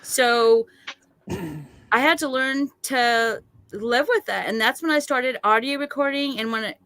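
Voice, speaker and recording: A chatty woman tells her story with real animation, slipping into the voices of the people in it. Her voice sits a little high and rings bright and forceful, and the recording is close and dry with no room around it. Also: a little slow, no room sound. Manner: chatty, lively, acts out other people's lines. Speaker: guest recounting a sighting.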